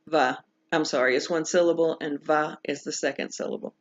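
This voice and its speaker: A woman teaching pronunciation in a recorded lesson, patiently walking through examples and repeating each one slowly. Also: low voice, fairly even intonation. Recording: dull lo-fi recording.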